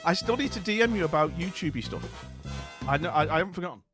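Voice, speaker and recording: A man's voice: fairly high pitch, lively intonation, quick pace, music in the background. A man hosting a live stream, chatting with viewers in a rambling, jokey way full of fillers, and sounding tired. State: tired and dopey. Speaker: livestream host. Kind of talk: casual live-stream chat greeting viewers.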